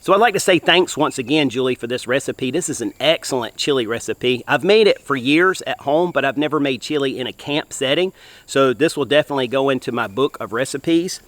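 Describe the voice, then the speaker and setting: A man's voice: medium pitch, expressive, brisk, a bit bright, no room sound. A man hosting an outdoor cooking show, talking to viewers in a folksy, upbeat way from a campfire in the woods. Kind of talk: enthusiastic cooking vlog.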